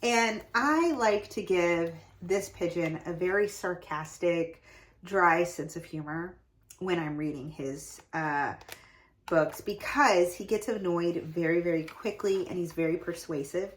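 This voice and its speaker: A young adult woman hosting a lesson, talking casually and brightly about reading to children as she shows pages of books. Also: fairly low pitch, measured pace, rough recording. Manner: lively and chatty, showing off book pages. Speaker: host giving read-aloud tips to parents. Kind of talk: casual instructional talk.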